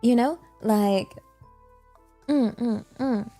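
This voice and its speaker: A woman chats loosely with her stream, her voice sitting a little high as she wanders between thoughts, filling gaps with ums and quick giggles. Faint music plays underneath. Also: warm tone. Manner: rambling, giggly, many fillers. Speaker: VTuber streamer. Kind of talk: casual livestream Q&A chat.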